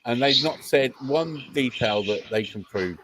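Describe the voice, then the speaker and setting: A man's voice: medium pitch, lively intonation, measured pace, fairly bright tone, low-quality recording. A man from England hosting a livestream, chatting casually and mocking with a chuckle. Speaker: livestream host. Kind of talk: casual reaction chat.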